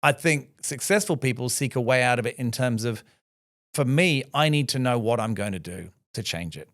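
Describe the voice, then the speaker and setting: A man's voice: medium pitch, animated, moderate pace, fairly bright tone, dry recording, studio quality. A middle-aged man speaking as a podcast guest, reflective and emphatic, often adding rhetorical "right?" asides.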